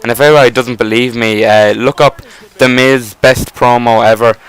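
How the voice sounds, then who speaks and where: Guy rambling on about wrestling over a game, smooth clear voice, mid pitch, swears a bit. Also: fairly even intonation, normal speed, rough recording. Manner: enthusiastic, rambling, casual swearing. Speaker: gameplay commentator. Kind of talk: casual rambling commentary.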